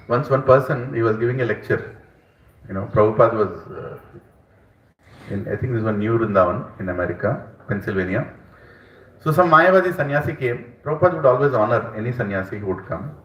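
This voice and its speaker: A man's voice: medium pitch, highs cut off. Man teaching scripture, roomy. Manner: emphatic, repetitive, animated storytelling. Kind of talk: lecture with storytelling. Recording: roomy, distant mic.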